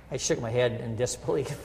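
In a church sanctuary, a middle-aged pastor preaches a conversational sermon, often checking in with listeners by asking "right?" His medium-pitched voice is creaky, a little mellow, and moderately paced, with a long reverb tail and slight background noise.

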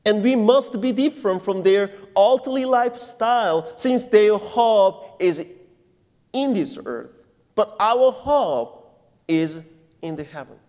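A male pastor giving a sermon in non-native English phrasing, preaching deliberately and emphatically and putting questions to his congregation. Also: sits high, expressive, darkish tone. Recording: long reverb of a church hall.

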